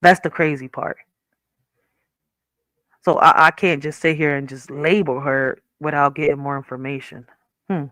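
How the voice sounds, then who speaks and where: A woman's voice: low voice, fairly even intonation, moderate pace, pauses often, a bit bright, no echo. A woman in her thirties hosting a podcast, talking candidly and profanely in a rambling casual way, often checking if listeners follow. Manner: candid, rambling, profane, asks 'you see where I'm coming from'. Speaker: podcast host. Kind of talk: casual commentary.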